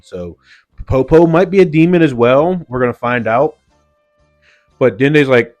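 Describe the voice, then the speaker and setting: A man's voice: mid-range voice, moderate pace, a little mellow, soft background music. A man giving a casual, slangy recap of an anime episode, loose and full of "like" and "yo". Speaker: anime reviewer.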